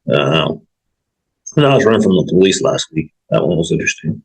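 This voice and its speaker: Gravelly, husky low-voiced man. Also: very animated, fairly quick, low-quality recording. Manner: blunt, frequent swearing. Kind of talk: casual chat.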